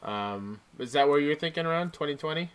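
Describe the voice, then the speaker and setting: A man's voice: on the high side, animated, brisk, clear, resonant tone. A man co-hosting a casual podcast, easygoing and agreeable with hesitant starts. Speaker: podcast co-host.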